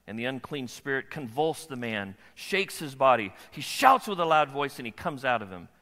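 A man preaching a sermon as a pastor, animated and often checking in with the audience. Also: mid-range voice, moderate pace, few pauses, long reverb tail. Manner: animated, asks the audience questions.

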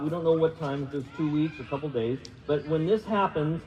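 A man's voice: fairly high pitch, a little fast, hardly any pauses, a little mellow. A man preaching a sermon in a chatty, self-deprecating way, asking the congregation to repeat words. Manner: conversational, self-deprecating, asks the room questions. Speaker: pastor. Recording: reverberant hall, dull lo-fi sound.

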